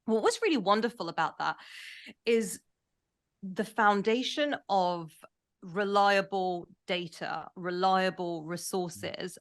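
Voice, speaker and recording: Woman, from the UK, branding guest, medium pitch, warm enthusiasm, thoughtful explainer. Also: slow. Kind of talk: casual interview chat.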